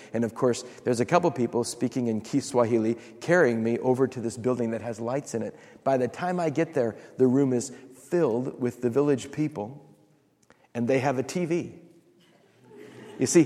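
A male pastor telling a story in a sermon, with dramatic pauses and laughs. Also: medium pitch, darkish tone. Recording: long reverb of a large hall.

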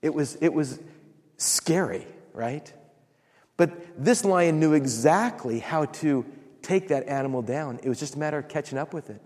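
A man's voice: a little high, a little mellow. Storytelling male preacher, echoing hall. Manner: storytelling with dramatic pauses and laughs. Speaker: pastor. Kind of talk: sermon. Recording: long reverb of a large hall.

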